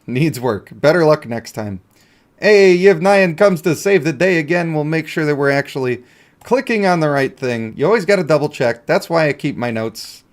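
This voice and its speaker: A man's voice: fairly high pitch, expressive, moderate pace. A man giving casual, joking commentary as he plays a mobile game, talking to himself and his viewers. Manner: playful, jokey, talks to himself and viewers. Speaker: gaming YouTuber.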